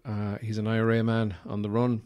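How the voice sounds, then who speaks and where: A man's voice: lowish voice, monotone, fairly quick, darkish tone. Podcast host: Irish man, easygoing, rambling, salty language. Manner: rambling, sweary, full of fillers. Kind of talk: casual chat.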